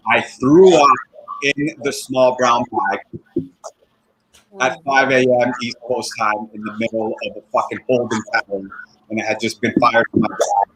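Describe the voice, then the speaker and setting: A man's voice: medium pitch, steady tone, measured pace, a bit bright, slightly rough, low-quality recording. A man doing a rambling, profane stand-up set over a video call, often laughing at his own jokes. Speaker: stand-up comedian. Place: at home in front of a computer. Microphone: computer microphone on a video call.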